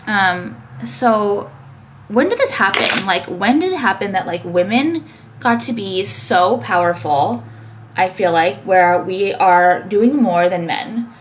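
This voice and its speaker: A woman's voice: mid-range voice, lively intonation, slow, background noise. A young woman talking casually to camera, ranting with many fillers and swearing. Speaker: vlogger and business owner.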